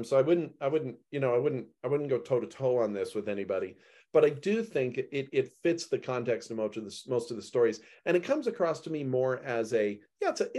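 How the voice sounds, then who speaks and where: A man leading a group Bible study discussion. He reads and talks it through, acting out the quoted lines with big jumps in pitch. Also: warm tone.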